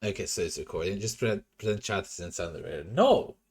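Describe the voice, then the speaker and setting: Here a young man streams from his home room, his low, slightly rough voice moving at a quick pace. He chats casually with viewers over a desk microphone, swearing and coming across as self-conscious.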